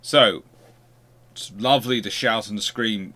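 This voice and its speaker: A man's voice: fairly low pitch, expressive, normal speed, sharp tone. A man hosting a history channel, giving an unscripted lecture and posing rhetorical questions as he explains.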